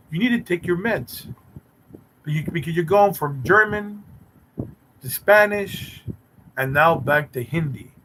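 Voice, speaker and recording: A man's voice: on the high side, a bit bright, a little hiss or hum, low-quality recording. Teasing man hosting a live stream. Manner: teasing, sarcastic banter with chat viewers. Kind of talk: casual live-stream chat.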